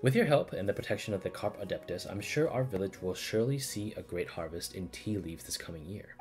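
A man's voice: deep voice, expressive, a little fast, a little mellow, faint music behind. A man reading a courteous village elder. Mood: grateful. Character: polite older village elder, grateful.

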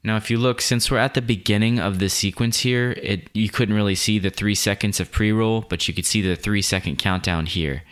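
Low-voiced man explaining software steps. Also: fairly quick, hardly any pauses. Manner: relaxed, explanatory, step-by-step. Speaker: video editing tutorial host. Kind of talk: screen-recorded software tutorial.

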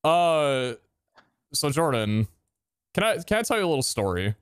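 A young man chatting while gaming with friends, with a dry, deadpan humor and mock-formal phrasing. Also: on the high side, moderate pace, smooth, no room sound. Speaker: gamer. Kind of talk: casual gaming chat.

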